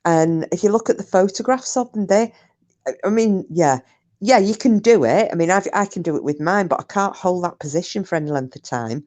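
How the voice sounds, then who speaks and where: A woman's voice: on the low side, a little fast, a little mellow. A woman telling a true paranormal story online in a chatty, digressive way. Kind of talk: casual spoken storytelling.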